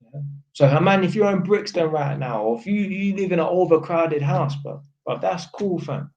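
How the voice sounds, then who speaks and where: A man's voice: on the high side, moderate pace, a little mellow. Blunt London man on a lo-fi livestream. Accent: London, Multicultural London English. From North London, England. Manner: blunt, swearing, emphatic, repeats tag questions. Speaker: livestream host. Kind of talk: casual livestream monologue.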